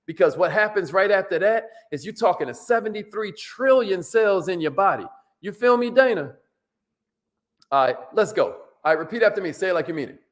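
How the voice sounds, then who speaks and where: A man giving an energetic, preachy motivational talk in casual slang, his pitch swinging up and down. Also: fairly quick. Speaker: motivational speaker.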